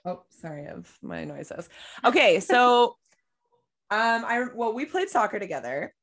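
A woman's voice: on the high side, slow pace, vocal fry, soft background music. Bubbly young woman podcast co-host. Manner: bubbly, giggly, animated storytelling. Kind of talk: casual chat. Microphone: remote call mic.

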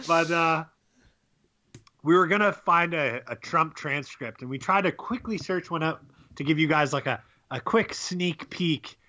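A man's voice: a little high, takes it slowly, pauses often, bright, forceful tone, highs cut off. A young man co-hosting a podcast, rambling and laughing as he tells stories, swearing freely. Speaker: podcast co-host. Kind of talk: casual chat.

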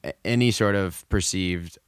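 A man with a low voice speaks earnestly on a film podcast, often stumbling and restarting his sentences. The sound is dry and close, with no room to it. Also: clean tone, dry recording. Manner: halting, many restarts, earnest. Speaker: podcast co-host. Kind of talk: casual podcast chat.

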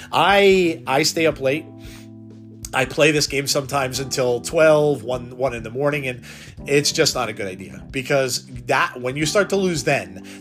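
A man hosting a solo podcast, talking off the cuff and rambling, with frequent restarts and repeated words. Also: medium pitch. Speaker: podcast host. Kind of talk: unscripted solo podcast talk.

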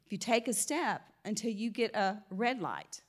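A woman with a light Southern US twang gives a relaxed Christian teaching at a middle pitch. She talks conversationally, often restarting her phrases and breaking into laughter. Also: moderate pace. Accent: slight Southern US twang. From American South. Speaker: Christian speaker. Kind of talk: informal faith teaching.

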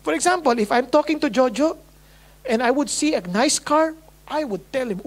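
A woman's voice: high-pitched, lively intonation, moderate pace. A woman from the Philippines with a Filipino accent, preaching a testimony in a sermon and acting out her own past prayers with dramatic quoted lines. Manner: swings between hushed and loud.

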